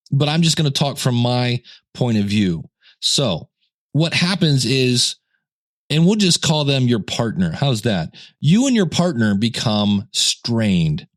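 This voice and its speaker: A man's voice: fairly high pitch, dry recording, clean studio sound. A middle-aged man hosting a podcast in casual talk, joking and acting out little scenes. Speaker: podcast host.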